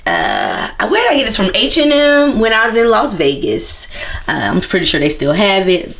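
A woman in her thirties chatting casually to her vlog viewers, emotional and quick to get teary. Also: medium pitch, huge pitch swings, gravelly, fairly bright tone. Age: 30s. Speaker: vlogger.

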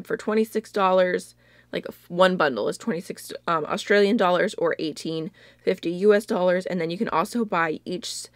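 A woman's voice: fairly low pitch, no room sound. A young woman chatting casually as a beauty vlogger, chatty and full of filler words like "like" and "really, really.". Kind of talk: casual chat.

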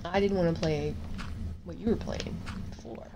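A woman's voice: fairly low pitch, fairly even intonation, moderate pace, muffled recording, background noise. A woman with a stuffy nose hosting a gaming video, chatting casually and rambling through her play. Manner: chatty, rambling, sing-song repetitions. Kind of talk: casual gameplay commentary. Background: faint clinking of dishes.

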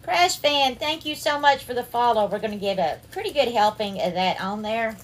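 A woman with a Southern US accent runs a casual cooking livestream, her voice sitting a little high. She talks in an affectionate way, calling viewers darling and sweetheart as she greets them by name. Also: lively intonation, moderate pace, slight background noise. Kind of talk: casual live-stream cooking chat.

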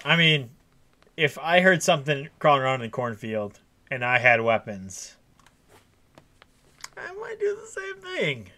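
A man's voice: mid-range voice, huge pitch swings, measured pace, long pauses, pushed and bright. Playful man teasing a gaming buddy. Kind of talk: casual gameplay banter.

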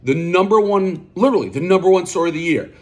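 A man's voice: high voice, expressive, fast talker, darkish tone. A man hosting a pizza review outdoors, ranting combatively, swearing constantly and boasting about himself.

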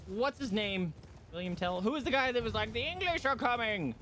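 A man streaming a video game, commentating live, excitable and yelping and swearing at the action. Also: high voice, a little fast, slight background noise.

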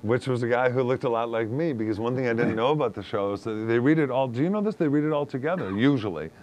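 A man's voice: medium pitch, quick pace, a little mellow, highs cut off, a little hiss or hum. A middle-aged man, an actor guest, telling showbiz stories in a casual, joking, self-deprecating way. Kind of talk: casual podcast chat, storytelling.

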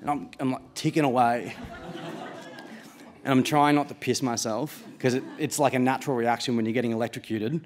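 An Australian man in his late twenties tells a true story live on stage, casual and self-mocking. He swears freely and laughs at his own mishaps, his voice at a middle pitch for a man. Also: steady tone, brisk, some chatter behind, slight background noise.

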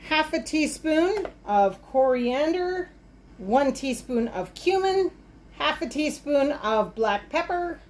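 Speaking slowly in a high, expressive voice, with a little hiss or hum present, this homesteading vlogger enthusiastically shows her garden outdoors. She then explains a recipe in the kitchen while working, in a casual cooking and garden vlog.

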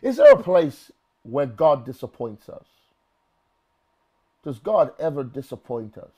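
Dark in tone and measured in pace, this London-accented man preaches with a sing-song quality. As a pastor, he dramatizes his sermon by acting out the voices he quotes, moving up and down in pitch and volume and often repeating words.

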